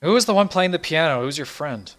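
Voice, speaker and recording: A seasoned lizard-man bounty hunter, as a man puts him on in a tabletop game. He sounds dry and skeptical, his voice dipping low at the ends of lines. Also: expressive, quick pace, fairly bright tone. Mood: disdainful. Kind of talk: tabletop role-play in character.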